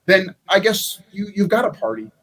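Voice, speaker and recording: A man's voice: high-pitched, sing-song, moderate pace, fairly bright tone, slightly rough. A man, a former candidate for Congress, talking in a rambling, folksy way with many restarts on a convention panel. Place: convention meeting room.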